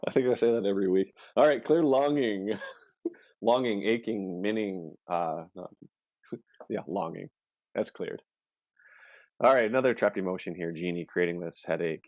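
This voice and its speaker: A low-key man with a very deep voice talks through his process in quiet murmurs. His sound is dry and dull, like a lo-fi stream. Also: dry recording. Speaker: co-host, practitioner. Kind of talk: live-stream session narration.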